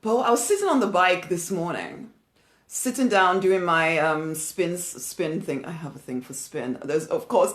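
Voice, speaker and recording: A woman's voice: fairly low pitch, fairly quick. A woman giving a spiritual motivational talk, emphatic, often repeating her key phrases and laughing as she speaks. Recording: roomy echo.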